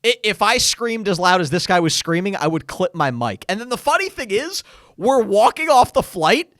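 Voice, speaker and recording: A young man co-hosting a podcast, telling a travel story in a casual, animated way and acting out what others said. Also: high voice, moderate pace, dry recording, clean studio sound. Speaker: podcast co-host.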